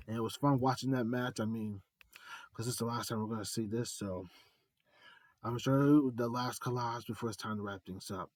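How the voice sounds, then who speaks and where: Speaking fairly quickly in a steady, mid-range voice with no room sound, a man offers an earnest, heartfelt tribute as an art vlogger. His fan monologue rambles and repeats, building toward announcer-style reveals.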